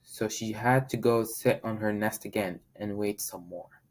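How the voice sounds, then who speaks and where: A man reading a children's picture book aloud as a volunteer, in a friendly, steady manner. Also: on the low side, a little slow. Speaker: volunteer storybook reader.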